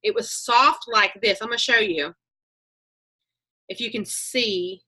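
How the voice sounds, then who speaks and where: A woman's voice: fairly high pitch, unhurried, sharp tone. A woman, talking on a video call, telling chatty stories and acting out her own thoughts as she coaches a group.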